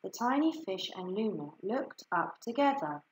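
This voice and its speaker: A woman reading a children's picture book aloud, slow and expressive. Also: mid-range voice. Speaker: story reader. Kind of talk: children's story read-aloud. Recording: echoey room.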